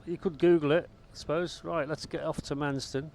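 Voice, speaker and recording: A man's voice: fairly high pitch, fairly even intonation, normal speed, vocal fry, a little mellow, slight background noise. A man giving casual, rambling commentary while flying a helicopter in a VR game, with wry asides. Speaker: gamer flying a VR helicopter sim.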